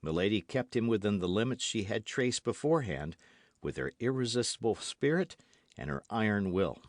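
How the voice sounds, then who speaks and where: A man narrating a classic novel as an audiobook, in an expressive, measured reading. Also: lowish voice, dry recording, clean studio sound. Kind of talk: scripted narration.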